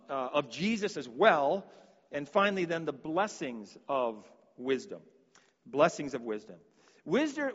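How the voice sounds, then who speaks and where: A man's voice: high voice, big-room sound, muffled recording. A man preaching a sermon, earnest and given to repeating words as he restarts his sentences.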